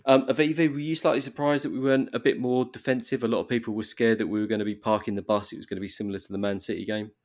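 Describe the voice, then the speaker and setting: A man's voice: medium pitch, fairly even intonation, racing, few pauses. A man hosting a casual football podcast, chatty and leading the talk with questions. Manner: chatty, leads the discussion with questions. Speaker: podcast host.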